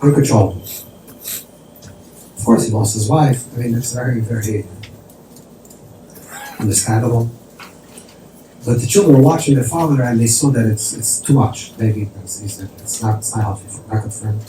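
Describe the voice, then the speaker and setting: A man's voice: medium pitch, normal speed, pauses often, mellow. A man, a rabbi, telling a story in a conversational sermon, sprinkling in Yiddish and Hebrew terms. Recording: distant mic in an echoey room with faint noise.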